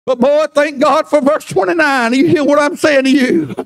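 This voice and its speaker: Fervent high-pitched preacher shouting. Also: male voice, moderate pace, gravelly, few pauses. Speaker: pastor. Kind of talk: sermon. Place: church.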